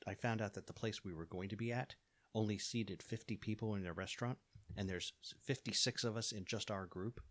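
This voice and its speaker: A man's voice: low-pitched, fairly bright tone. A man in casual chat, teasing his co-hosts with playful banter.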